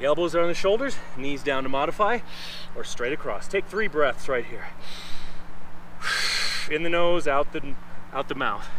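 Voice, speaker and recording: A fairly high-voiced man from Wisconsin leads a guided workout outdoors in the sun, speaking slowly and playfully. He counts reps aloud and breathes hard between cues. Faint street noise sits behind him. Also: a bit bright, low-quality recording. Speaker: fitness instructor.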